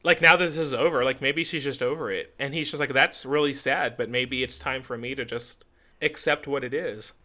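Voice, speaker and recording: This podcast co-host, a young adult man, speaks in a mid-range voice with a steady tone, brisk and pushed-bright. In casual chat, he retells a story and plays out the characters' lines.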